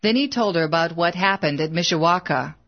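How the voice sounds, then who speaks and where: A woman reading a life story aloud in measured, scripted audiobook narration. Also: lowish voice, expressive, highs cut off.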